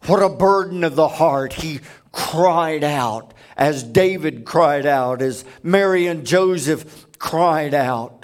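Slow, high-voiced male preacher. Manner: emphatic storytelling. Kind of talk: sermon.

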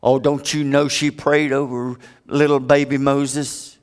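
A man preaching a sermon, with big dramatic swings from loud high peaks to hushed low stretches. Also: level tone, unhurried, clear, resonant tone.

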